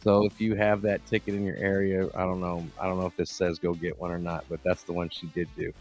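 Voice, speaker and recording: A man's voice: deep voice, level tone, fast, darkish tone, faint music behind. Joking man reading chat comments. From Texas. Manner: loose, joking, reads chat comments aloud. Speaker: podcast co-host. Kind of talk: casual late-night chat.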